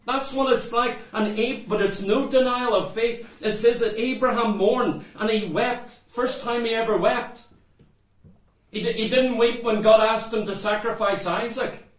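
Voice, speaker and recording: A man's voice: very high-pitched, fairly even intonation, measured pace. A man preaching a sermon to a congregation, fervent and full of repeated rhetorical questions to the people in front of him. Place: church. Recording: echoey room, mic far off.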